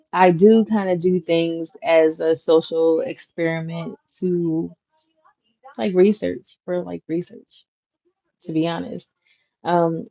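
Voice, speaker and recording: A woman in her thirties talks casually to her viewers, easygoing and full of slang and fillers. She speaks slowly in a slightly low voice. The recording is dull and lo-fi. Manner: chatty, relaxed slang, frequent fillers. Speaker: content creator, channel host. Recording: dull lo-fi audio. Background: clacking noise.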